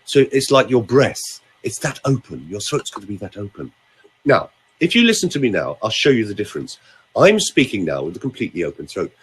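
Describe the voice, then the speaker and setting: A man's voice: fairly low pitch, big pitch swings, moderate pace, slightly rough. An older man, a vocal coach talking in a theatrical, teasing way on a podcast. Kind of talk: casual podcast chat with voice demonstrations.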